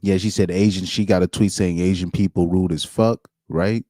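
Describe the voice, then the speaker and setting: A man's voice: sits low, steady tone, moderate pace, warm tone, no echo, clean studio sound. A young adult man doing casual reaction commentary, reading posts aloud with incredulous asides and trailing restarts. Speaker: commentary streamer.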